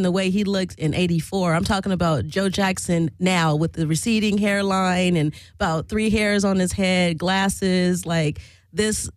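A woman radio host tells a story in a loose, casual monologue, blunt and crude and quick to laugh. Her voice sits at an ordinary middle pitch, and the sound is dry and close with no room echo.

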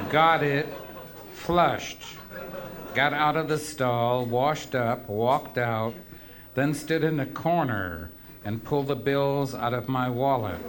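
A man telling rambling, profane stories to a live audience with a wry, offhand manner. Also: medium pitch. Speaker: storyteller performing for an audience. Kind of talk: live spoken storytelling.

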